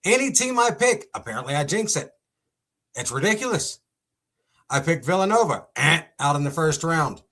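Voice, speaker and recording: A young man hosting a casual sports commentary segment, talking in an excitable, exclamatory way. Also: fairly high pitch, normal speed.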